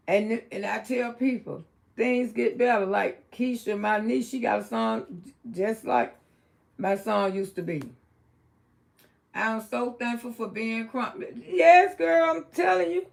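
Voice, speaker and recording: A middle-aged woman with a Southern US accent, hosting a casual livestream and talking bluntly, dropping low and then rising to loud exclaims. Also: takes it slowly, creaky. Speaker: livestream host.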